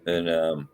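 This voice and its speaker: A man's voice: extremely low pitch, clean tone. An Australian man hosting a casual live-stream chat, rambling with lots of fillers and frequent laughs. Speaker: host.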